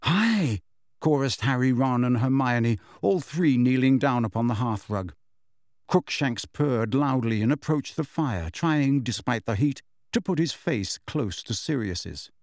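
A man reading an audiobook with expressive storytelling. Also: mid-range voice, measured pace, no room sound, clean studio sound. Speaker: audiobook narrator. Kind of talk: scripted audiobook narration.

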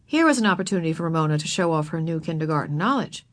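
A woman reading a children's story aloud, expressive and putting on voices for the characters. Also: sits low, racing. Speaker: narrator. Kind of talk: children's book read aloud.

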